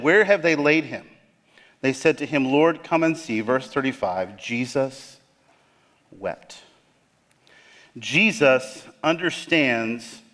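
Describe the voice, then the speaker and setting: A man pastor preaching a sermon with dramatic emphasis, leaning hard on key words and dropping to a hush on the weightiest ones. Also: medium pitch. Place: church sanctuary. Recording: long hall reverb.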